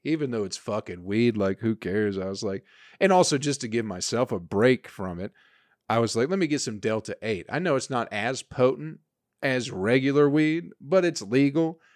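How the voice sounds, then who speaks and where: A man's voice: medium pitch, lively intonation, moderate pace, no echo, studio quality. A man hosting a casual solo podcast, rambling and swearing in an exasperated way. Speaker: podcast host.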